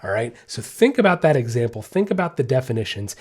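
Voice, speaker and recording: A man with a mellow, slightly husky voice hosts a casual podcast and teaches about training dogs. He talks in a lively, animated way, repeating his points and checking in with "right?" and "okay?" as he goes. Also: mid-range voice, fast talker. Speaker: podcast host and dog trainer. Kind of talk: casual instructional podcast talk.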